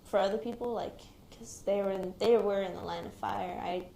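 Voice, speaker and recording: A young woman speaks in a hesitant, reflective way, often pausing to gather her thoughts. Her voice sits at an ordinary middle pitch. The room around her is echoey, and a faint hiss of noise runs underneath. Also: steady tone, gravelly. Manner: hesitant, reflective, quiet-spoken. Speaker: shooting survivor, active military member. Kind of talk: recounting a personal experience in an interview. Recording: roomy recording with faint background noise.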